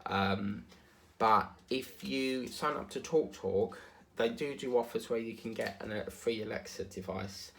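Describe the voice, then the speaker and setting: A mid-range male voice with vocal fry and a bit of brightness comes through slightly slow, over a faint hiss or hum. The speaker, a diamond painting vlogger from England, talks casually in an Essex accent with South African touches. His talk wanders as he crafts, peppered with fillers and asides.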